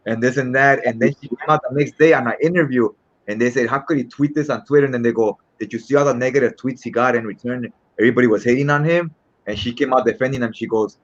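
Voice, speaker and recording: A man co-hosting a casual podcast, telling stories in a lively way and acting out the quotes. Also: medium pitch, fast talker. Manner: animated storyteller, acts out quotes. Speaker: podcast co-host. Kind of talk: casual chat. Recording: dull lo-fi sound.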